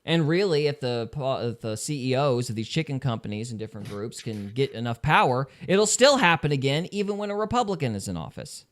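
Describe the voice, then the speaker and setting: A man co-hosting a casual podcast, talking in lively bursts of opinion with laughs between. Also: medium pitch, brisk, few pauses. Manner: animated, laughing, ranting in bursts. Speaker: podcast co-host.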